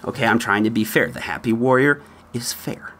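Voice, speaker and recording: A man hosting a podcast, giving opinionated political commentary in an animated way and often laughing mid-sentence. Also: mid-range voice, a little fast. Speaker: podcast host.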